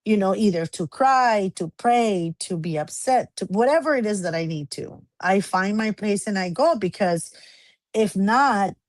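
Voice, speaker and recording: A woman co-hosting a podcast, speaking in a reflective, gentle way in a casual chat. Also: medium pitch, no echo. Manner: slow, reflective, laughs easily. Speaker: podcast co-host.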